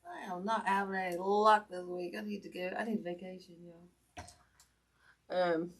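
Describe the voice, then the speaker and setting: A woman with a somewhat low voice chats through a wreath-making livestream. She is folksy and rambling, full of ums, and thanks her viewers by name. A hurt hand is giving her pain. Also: steady tone, normal speed. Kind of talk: casual livestream chat while crafting.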